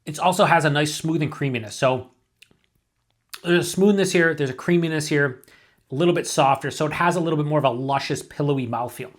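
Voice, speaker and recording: A man talks through a beer review in a casual, thinking-aloud way, circling back and restarting his sentences. His voice sits a little above the usual pitch for a man. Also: fairly quick.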